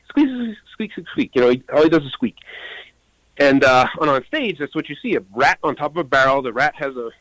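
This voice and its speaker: A man's voice: mid-range voice, pushed and bright, no room sound, rough recording. Male puppeteer interviewee; eager and talkative, recorded dry. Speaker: puppeteer guest. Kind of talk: interview answers.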